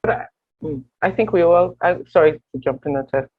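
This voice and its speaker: A woman guest with a husky voice in a round-table discussion, passionate and full of quick restarts. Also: low-pitched, narrow, tinny audio. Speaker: wellness program organizer, guest.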